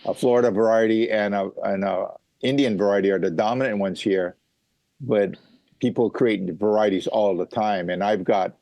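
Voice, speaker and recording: Low-voiced Hawaii man explaining calmly. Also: normal speed, no room sound. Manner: explanatory, lots of fillers and restarts. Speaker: mango farmer guest. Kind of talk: casual interview talk.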